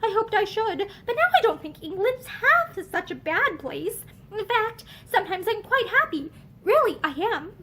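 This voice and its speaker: An eager, innocent young girl, earnest and pleading, her voice climbing high, as a woman reading a novel puts her on. Her speech leaps and swoops with a lively, expressive lilt. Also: moderate pace, full character voice.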